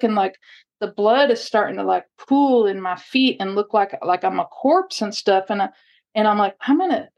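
A woman guest telling a personal story in a casual, halting way, full of "like" and restarts, earnest and intense. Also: mid-range voice. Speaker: podcast guest. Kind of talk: personal testimony, casual retelling.

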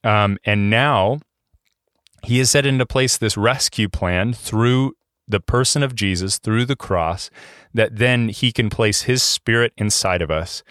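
A man's voice: lowish voice, unhurried, fairly bright tone, clear, resonant tone, dry recording, studio quality. A man pastor giving a conversational sermon, reading scripture and explaining it with many fillers and restarts.

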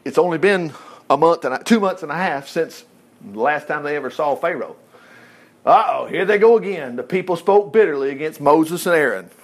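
A man preaching a sermon in a folksy, animated way, with chuckling asides and quick shifts between reading and commentary. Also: on the high side. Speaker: pastor.

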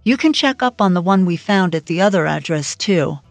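A woman's voice: lowish voice, lively intonation, normal speed, no room sound, faint music behind. A woman narrator voicing a brusque woman FBI agent in an audiobook, in a clipped, blunt manner. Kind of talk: audiobook character voice.

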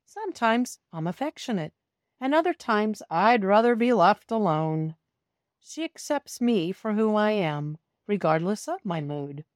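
Woman reading a children's story, slow, lively intonation, close dry mic. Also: medium pitch, no echo. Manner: slow, expressive storytelling that talks to young listeners. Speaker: storybook reader. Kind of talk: children's story read aloud, first person as a cat.

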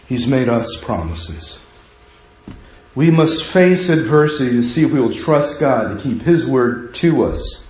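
A man's voice: medium pitch, sing-song, takes it slowly, long pauses, darkish tone, slight background noise. A man preaching a sermon as pastor, impassioned and full of rhetorical questions. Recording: very echoey room.

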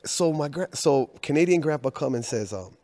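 A man tells a family story in a loose, casual chat. He is animated, laughs often and acts out the people he quotes. His voice sits a little high and rings with a long reverb. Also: moderate pace. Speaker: guest telling family story.

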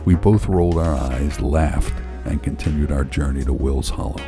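A man's voice: very deep voice, normal speed, music in the background. A man reading a story aloud in a wry, first-person storytelling manner. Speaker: narrator.

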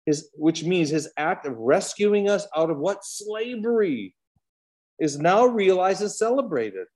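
A man's voice: sits high, expressive, a little slow, darkish tone. A man with a Canadian accent teaching a casual Bible study, talking conversationally with rhetorical questions and tangents.

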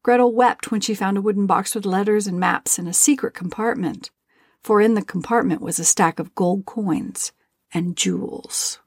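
A woman narrating a fairy tale in a measured, gentle storytelling manner. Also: medium pitch, no room sound, clean studio sound.

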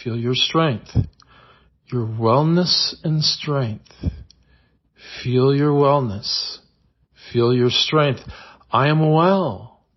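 A man leads a guided meditation, speaking very slowly and calmly with a slightly husky voice. He repeats simple affirmations and breathing cues, and the recording sounds a little dull and muffled. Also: medium pitch. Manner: slow, calm, repetitive affirmations. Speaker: host of a guided visualization.

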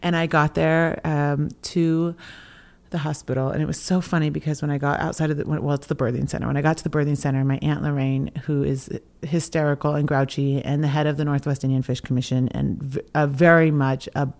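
A young adult woman co-hosting a podcast, telling a personal story in casual chat, animated and laughing between phrases. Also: sits low, a little fast, vocal fry. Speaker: podcast co-host.

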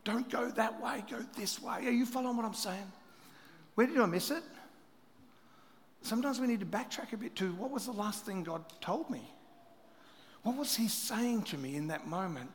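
A middle-aged man preaching a sermon as pastor, telling stories with animated delivery that swings between loud and hushed. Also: high voice, normal speed, long pauses. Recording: reverberant hall.

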